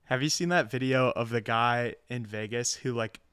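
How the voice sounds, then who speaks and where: A man's voice: medium pitch, normal speed, a bit bright, smooth, dry recording, studio quality. A young man co-hosting a podcast, telling a profane story in casual chat. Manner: profane, self-mocking storytelling. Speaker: podcast co-host.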